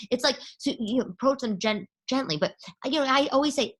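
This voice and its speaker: A woman's voice: high-pitched, a little fast. A woman, hosting a casual monologue podcast. She is chatty and sarcastic and acts out texts in mocking voices. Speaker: podcast host.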